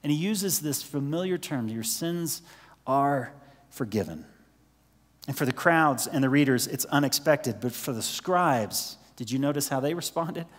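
A man's voice: a little high, moderate pace, few pauses, in a large hall. A man preaching a sermon in a conversational way, asking the listeners questions and dropping to a near-whisper for emphasis. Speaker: pastor.

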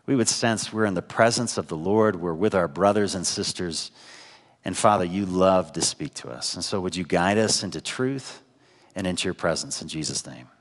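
A man's voice: low-pitched, moderate pace, long reverb tail. A man preaching a sermon with a head cold, talking conversationally and asking the congregation rhetorical questions. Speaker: pastor. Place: church sanctuary.

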